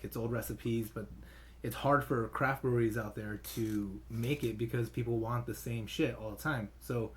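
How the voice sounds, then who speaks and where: A man co-hosting a casual podcast, telling a story in a rambling way, with lots of swearing and filler words. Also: mid-range voice. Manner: rambling, profane, heavy filler "like". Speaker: podcast co-host.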